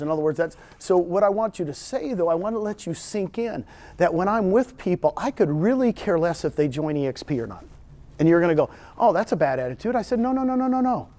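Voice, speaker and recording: Middle-aged Texan man, higher voice, animated seminar presenter, talks to a live room. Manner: animated storyteller, jokes with audience. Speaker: real estate trainer. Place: meeting room with audience.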